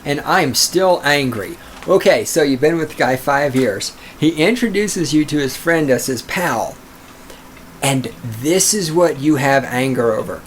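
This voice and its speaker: A man's voice: fairly high pitch, a little hiss or hum. A man hosting a podcast, reading listener letters aloud and ranting at them in a profane, combative, sarcastic way. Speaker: podcast host.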